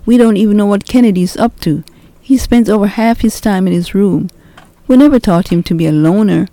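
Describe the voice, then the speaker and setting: A woman voicing a stern, sharp-tongued middle-aged mother in a read-aloud novel, speaking in a firm, scolding way. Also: medium pitch, fairly quick, no echo, lightly acted. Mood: worried, defensive. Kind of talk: storybook reading.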